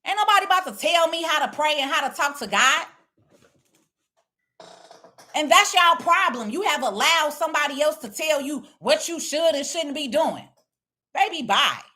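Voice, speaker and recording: A woman's voice: high voice, animated, normal speed, pauses often, pushed and bright. A woman speaking blunt, preachy casual talk, lecturing her viewers. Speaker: online commentator. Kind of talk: casual direct-to-camera talk.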